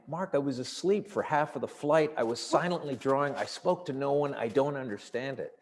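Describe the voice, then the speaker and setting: Comic, male, mid-pitched, swears freely and plays every character in his stories, long room reverb. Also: fairly quick, hardly any pauses. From Canada. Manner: animated and profane, acting out quoted people. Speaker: comedian guest. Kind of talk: storytelling in casual conversation.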